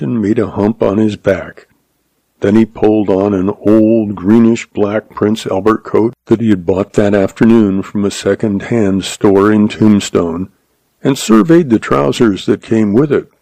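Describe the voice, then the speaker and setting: A man reading a western story aloud as narrator in steady storytelling. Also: fairly low pitch, vocal fry, no echo. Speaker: audiobook narrator. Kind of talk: scripted narration.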